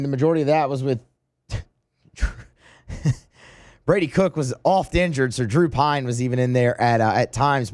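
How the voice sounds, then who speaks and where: A man hosts sports talk radio live in a loose, casual way, with plenty of ums and uhs as he fills time. His voice sits at an ordinary pitch, and the recording is close and dry. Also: a little mellow, no room sound. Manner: casual, loose, many fillers. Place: radio studio at a media event.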